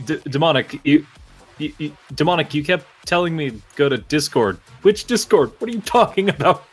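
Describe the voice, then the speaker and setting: Man, slightly high voice, stammering voice chat, faint music. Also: lively intonation, normal speed, slightly rough. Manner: confused, stammering. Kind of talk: casual voice chat.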